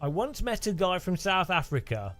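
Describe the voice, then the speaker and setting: A man's voice: sits high, sing-song, moderate pace, a bit bright, faint music behind. A man casually chatting on a live stream, rambling with dry joking asides.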